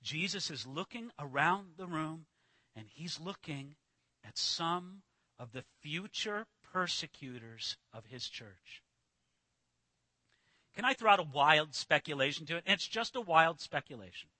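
A man preaching a sermon, swinging from loud emphatic declarations to hushed, low passages, and acting out quoted lines. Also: lively intonation, measured pace, no room sound. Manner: dramatic swings from shouting to near-whisper; acts out quoted voices with emphasis. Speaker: pastor.

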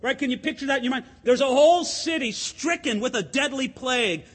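High, husky-voiced preacher man. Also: fairly quick, big-room sound. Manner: conversational, animated preaching with asides. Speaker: pastor. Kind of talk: sermon.

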